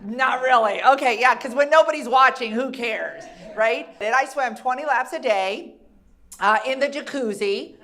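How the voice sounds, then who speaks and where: A woman's voice: fairly high pitch, moderate pace, fairly bright tone. A woman doing a stand-up comedy routine, chatty and teasing the crowd with questions.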